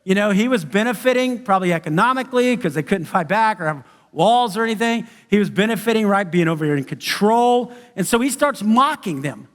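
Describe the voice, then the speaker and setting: High-voiced preaching man in a reverberant hall. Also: animated, a little fast, hardly any pauses, a bit bright. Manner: conversational preaching, acts out quoted voices. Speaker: pastor. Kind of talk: sermon. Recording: church sanctuary with long reverb.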